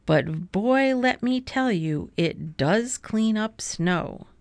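A woman reading a children's storybook aloud as narrator in a measured way. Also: medium pitch, lively intonation.

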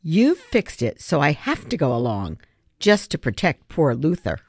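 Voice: medium pitch, wildly swooping pitch, moderate pace, darkish tone, no room sound, studio quality. An audiobook reader voicing an indignant, sarcastic girl who protects her dog. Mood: outraged. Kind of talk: audiobook character voice.

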